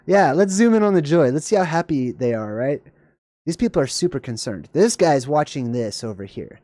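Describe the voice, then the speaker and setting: A livestream host giving rambling, digressive reaction commentary, laughing often and jumping suddenly up in pitch. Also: expressive, normal speed, dark tone, dry recording, studio quality.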